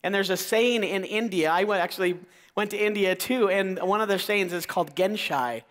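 Enthusiastic male keynote speaker in his 40s, bright high voice, echoing in a large hall. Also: normal speed. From Idaho. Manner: enthusiastic, crowd-engaging, calls out questions to the audience. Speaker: motivational speaker. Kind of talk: energetic keynote talk. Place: large auditorium. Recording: long hall reverb.

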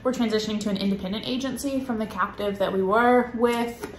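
A woman's voice: fairly high pitch, a little fast. Casual podcast co-host, female, rambly and chatty, roomy room sound. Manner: chatty, rambling with many ums. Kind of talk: casual chat. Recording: echoey room with faint noise.

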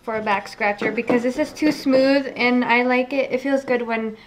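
A chatty young woman vlogging from her kitchen, her voice pitched fairly high for a woman. She talks to the camera in a casual, teasing way about her day. A faint hiss sits under the home recording. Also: steady tone, normal speed. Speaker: vlogger and mother of twins. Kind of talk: casual home vlog chat. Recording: faint background noise.

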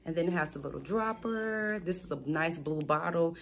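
A woman, chatting casually and excitedly as she unboxes gifts at home, calling out to viewers. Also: lowish voice, normal speed, slight background noise. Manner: excited, gushing, addresses viewers as y'all. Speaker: small business unboxing vlogger.

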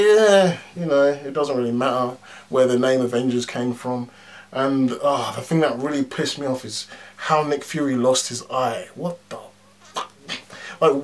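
Blunt, ranting male movie reviewer. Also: fairly high pitch. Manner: animated, blunt, frequent swearing and fillers. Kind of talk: casual ranting film review.

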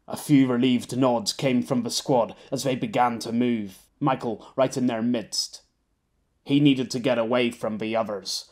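A man reading an audiobook in a medium-pitched voice. His storytelling is steady with a wry touch. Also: moderate pace. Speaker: audiobook narrator. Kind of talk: scripted narration.

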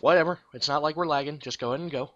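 A man's voice: a little high, very fast, a bit bright. A man chatting casually with a friend while playing a game online, thinking aloud and laughing often. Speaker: gaming YouTuber. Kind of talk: casual gameplay chat. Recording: dull, muffled sound.

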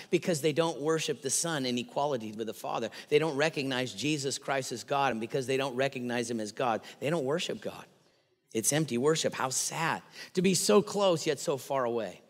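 A pastor delivers his sermon with a voice that sits a little high for a man, carrying through the long reverb of a church sanctuary. He is animated and slips into playful voices when acting out quotes.

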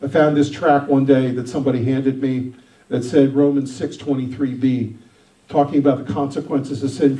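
Pastor, male, mellow voice, roomy sound from a distance, emphatic testimony. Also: medium pitch, steady tone, normal speed. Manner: emphatic storytelling, swings loud and soft. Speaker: senior pastor. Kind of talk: sermon testimony.

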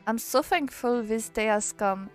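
A woman's voice: a little high, a little slow, soft background music, lightly acted. A tearful vampire aunt, read by a French woman.

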